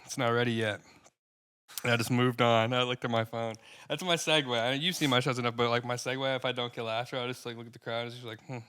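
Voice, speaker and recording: Rambling about stand-up, a young comedian co-hosting a podcast swears a lot and works himself up quickly in casual conversation. His medium-pitched voice is steady, pushed and bright, clear and resonant.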